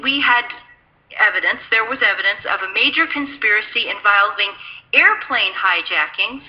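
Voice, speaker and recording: A woman's voice: on the high side, highs cut off. A woman giving a storytelling talk, speaking emphatically with frequent restarts. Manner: emphatic, restarts sentences, acts out quoted dialogue. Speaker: speaker recounting her intelligence work.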